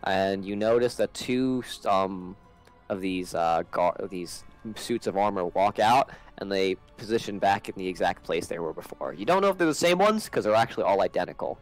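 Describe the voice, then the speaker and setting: A man's voice: low-pitched, animated, normal speed, faint music behind, rough recording. A man narrating as game master in a tabletop game, rambling and hesitant with many fillers.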